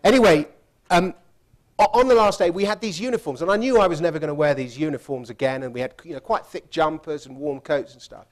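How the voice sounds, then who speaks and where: A man's voice: fairly high pitch, fast talker. A man telling a funny travel story in a chatty way, laughing as he goes. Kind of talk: anecdotal storytelling talk.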